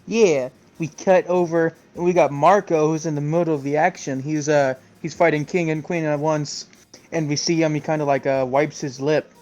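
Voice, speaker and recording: A man's voice: a little high, steady tone, normal speed, a little mellow, lo-fi sound, soft background music. A man co-hosting a podcast, chatting casually as he recaps a comic chapter, rambling with many fillers. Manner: laughs often. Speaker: podcast co-host.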